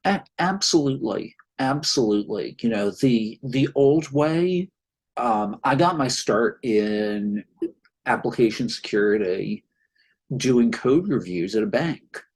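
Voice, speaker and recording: A man's voice: mid-range voice, animated, takes it slowly, darkish tone, breathy edge, low-quality recording. A man being interviewed on a podcast as a security expert, explaining his points thoughtfully with wry asides.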